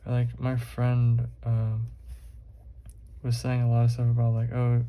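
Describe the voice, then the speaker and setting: A man's voice: mid-range voice, completely flat delivery, measured pace, dark tone. A young man vlogging while he draws, rambling casually with lots of fillers and swearing. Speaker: art vlogger.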